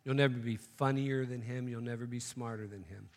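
A man's voice: mid-range voice, steady tone, fairly quick, long reverb tail. A man preaching a sermon, telling a joke story and then making emphatic, repeated points. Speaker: pastor.

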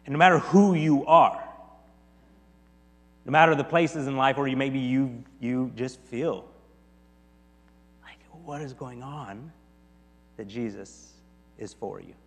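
A male pastor preaching and reading scripture, his voice falling to a near hush and then rising loud. He sits at a middle pitch. Long reverb fills the hall, and a low mains hum runs under him. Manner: swings from hushed to loud, stressing lines.

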